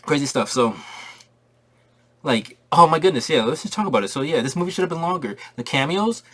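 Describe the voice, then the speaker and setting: Excitable man ranting about a movie. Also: fairly high pitch, a little fast. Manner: excitable, slangy, repeats himself for emphasis. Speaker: movie reviewer. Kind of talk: casual spoiler review rant.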